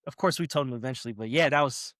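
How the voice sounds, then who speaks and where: A man's voice: mid-range voice, quick pace, no room sound, studio quality. A young man, a podcast guest, telling a story in casual chat and acting out what people said to him. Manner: animated, acts out quotes in raised voices.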